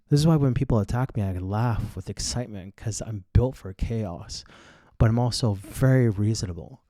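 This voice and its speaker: A man's voice: lowish voice, moderate pace, hardly any pauses, dark tone, dry recording. Blunt, crude-talking man in his thirties. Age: 30s. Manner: blunt, crude and boastful, heavy swearing. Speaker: podcast host. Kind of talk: casual storytelling monologue.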